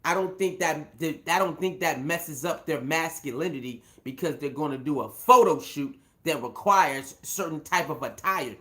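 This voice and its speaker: A man's voice: fairly high pitch, normal speed, hardly any pauses, sharp tone. A man hosting his own show, giving rambling casual commentary full of fillers, repeated words and restarts, and chuckling now and then. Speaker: show host.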